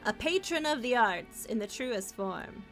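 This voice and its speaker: A young woman with a slightly high, animated voice streams a video game, chatting playfully with her chat and pets at a measured pace. It's casual gameplay commentary with faint music behind.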